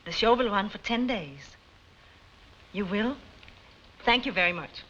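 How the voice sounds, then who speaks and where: A woman's voice: mid-range voice, animated, measured pace, fairly bright tone, a little hiss or hum. A woman playing a poised, polite gallery owner in a 1950s TV drama. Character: poised woman who owns an art gallery. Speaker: art gallery owner and wife. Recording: dull lo-fi 1950s TV soundtrack.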